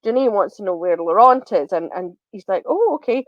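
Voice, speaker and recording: A woman's voice: lowish voice, brisk, dry recording, muffled recording. A woman podcast co-host recapping a TV episode in casual chat, retelling scenes with many ums and acting out the lines.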